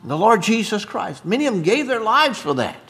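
A man preaching a sermon as pastor, emphatic, dropping soft and then rising loud, with throat-clearing and chuckling asides to the congregation. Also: high-pitched, big pitch swings, normal speed.

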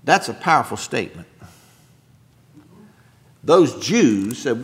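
A man preaching a sermon with a lively, swooping voice that dips low and quiet before rising up emphatic. He takes his time, speaking slowly and deliberately, with throat-clearing and chuckling asides to his congregation. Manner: emphatic preaching, dropping soft then rising loud. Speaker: pastor.

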